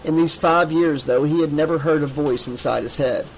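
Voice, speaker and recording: A man reading an audiobook in a measured, steady voice. His voice sits somewhat high for a man, with a faint room tone behind him. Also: a little hiss or hum, rough recording. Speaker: audiobook narrator. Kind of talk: scripted narration.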